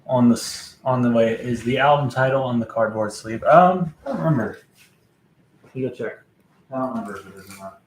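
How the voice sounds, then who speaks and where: A man's voice: mid-range voice, fairly even intonation, reverberant, slight background noise, rough recording. A man casually rambling in a vlog about his record collection, with lots of fillers and mutters to himself while he searches. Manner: rambling, halting, many fillers and self-talk while searching.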